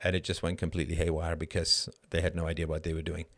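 A middle-aged man hosting a live show, answering chat questions in an animated monologue that keeps tossing in a rhetorical "right?". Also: sits low, quick pace. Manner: animated, frequent rhetorical "right?", laughs mid-sentence. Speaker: host.

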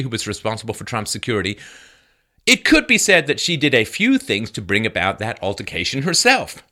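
A man's voice: a little high, pushed and bright. A man delivering an emphatic, sarcastic political commentary monologue.

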